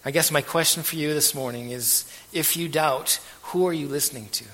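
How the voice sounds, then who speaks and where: A man preaching a sermon as pastor, earnest and measured, letting his phrase ends trail off softly. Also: fairly high pitch. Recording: long hall reverb.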